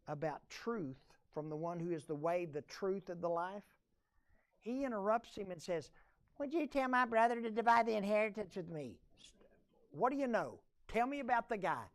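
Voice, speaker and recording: A man's voice: sits high, a little mellow. A male pastor, preaching a conversational sermon and drawing his congregation in with questions. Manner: folksy, conversational preaching with audience call-and-response.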